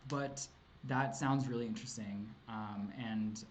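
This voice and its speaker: A man's voice: lowish voice, fairly even intonation, a little slow. Man, livestream Q&A, casual and rambling, lots of ums, laughs often, casual swearing, faint background hum. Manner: rambling and hesitant, full of ums and likes. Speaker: streamer answering chat questions.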